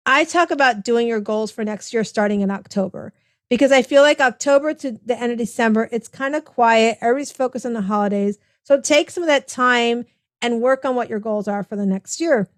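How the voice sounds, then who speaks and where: A middle-aged woman hosts a relaxed podcast chat, agreeing warmly and wandering into asides. Her voice is fairly high and the recording is close and dry, with no room sound. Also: fairly quick, dry recording. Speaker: podcast host. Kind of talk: casual interview chat.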